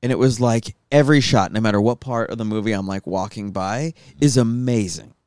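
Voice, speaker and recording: A man's voice: fairly low pitch, brisk, a little mellow, smooth, no room sound, studio quality. A young man chatting casually and joking, telling stories in a loose, riffing way. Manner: joking, storytelling, swears casually. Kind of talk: casual chat.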